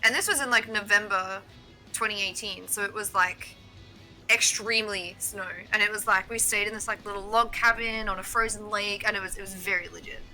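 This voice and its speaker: A woman's voice: mid-range voice, fairly even intonation, brisk, pushed and bright, faint music behind. A woman in her twenties with an Australian accent, co-casting a card game stream and chatting at length about her life. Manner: chatty, rambling, laughs often. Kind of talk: casual stream chat.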